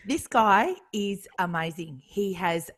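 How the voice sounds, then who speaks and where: A woman, co-hosting a radio show in a bubbly, fast-moving casual chat that jumps between thoughts. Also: mid-range voice, animated, fairly bright tone. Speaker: radio co-host.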